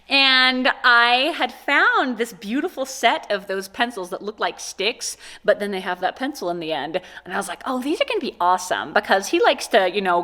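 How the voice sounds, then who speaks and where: Her voice a little high, pushed and bright, a woman from the USA who runs a small business opens gifts on her vlog. She talks casually, gushing and exclaiming happily, recorded through a camera-mounted mic.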